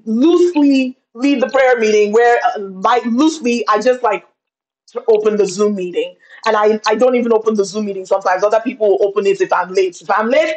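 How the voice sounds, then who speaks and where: High-voiced woman coaching with fervor. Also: low-quality recording. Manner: impassioned, preacherly, addresses viewers as y'all. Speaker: business coach. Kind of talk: live-streamed motivational talk. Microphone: video call webcam.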